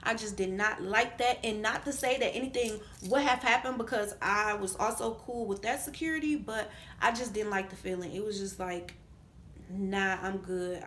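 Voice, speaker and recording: A woman telling a story to her vlog audience in a casual, animated way, swearing freely and growing loud when angry. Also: a little high. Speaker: vlogger telling a story time.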